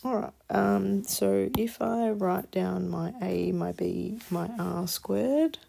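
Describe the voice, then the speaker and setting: In a mellow, mid-range voice touched with vocal fry, a weary woman teaches maths through a worked example. She yawns, explains at a slow, patient pace, and lowers to a murmur when reading the numbers.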